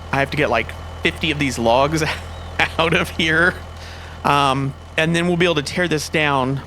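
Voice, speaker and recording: A man's voice: fairly high pitch, pushed and bright, a little hiss or hum. Man rambling over a farming game. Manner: rambling, thinks aloud, easily exasperated. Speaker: gameplay commentator. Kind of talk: casual let's-play commentary.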